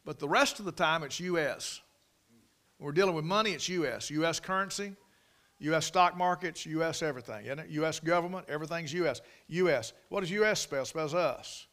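American guy preaching king james style, kinda high and bright, loud then quiet, stumbles and repeats a lot. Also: quick pace. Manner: emphatic, repeats phrases, swings between loud proclaiming and quiet asides; folksy, with stumbles and restarts.

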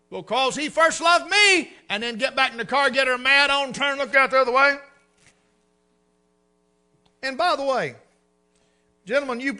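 A middle-aged man with a very high voice preaches a humorous sermon, telling stories in a folksy way and swinging between loud and hushed.

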